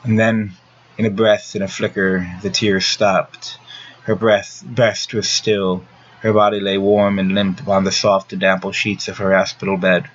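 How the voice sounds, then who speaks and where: A man narrating a gothic novel as an audiobook reader, reading at a steady, even pace. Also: low voice, measured pace. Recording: dull lo-fi recording with faint hiss.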